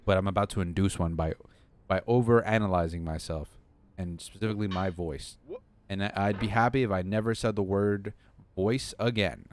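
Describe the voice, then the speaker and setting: Young man, game streamer, rambling self-deprecating chat, slightly low voice, faint background noise. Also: normal speed. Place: home desk.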